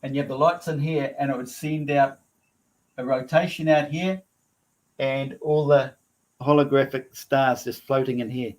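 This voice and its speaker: A man presenting his ideas in a casual panel discussion, excitable and often trailing off mid-sentence. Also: medium pitch, moderate pace. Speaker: guest presenter.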